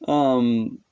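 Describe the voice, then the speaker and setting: Poking fun at himself, a hobbyist man rambles hesitantly while explaining a self-taught language and voicing vowels as he goes. He has a medium-pitched voice that is warm, clear, and resonant, though the sound is lo-fi.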